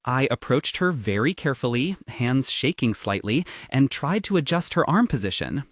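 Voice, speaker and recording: A male storyteller tells a first-person story with animated, dramatic emphasis. His pitch swings widely. The recording is dry and close. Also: normal speed, no room sound.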